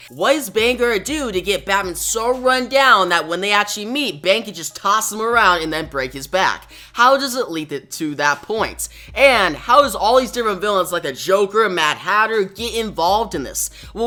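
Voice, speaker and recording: A man's voice: high-pitched, bright, forceful tone. A man casually recapping a comic book, retelling it with enthusiasm and sound effects.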